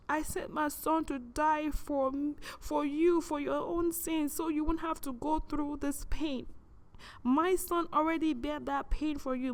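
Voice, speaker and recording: The gentle voice of God, soft and caring, speaking tenderly and repeating itself, pitched fairly high, as a woman puts it on. It pleads with warmth rather than command.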